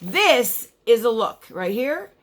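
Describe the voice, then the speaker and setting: This is a bright, animated woman in her forties, a chatty beauty vlogger showing makeup to her viewers. Her pitch swings freely as she gasps, laughs and drifts into little asides, and her voice sits a touch high and sharp for a woman. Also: slow pace. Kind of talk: casual unboxing vlog.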